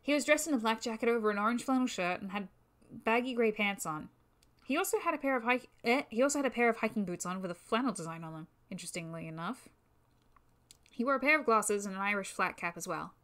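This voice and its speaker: A woman's voice: fairly high pitch, lively intonation, fast, fairly bright tone. Woman reading a story on a livestream. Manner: casual, with swearing asides. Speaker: reader of a fan-made game story. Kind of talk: reading fan fiction on a livestream. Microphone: new microphone.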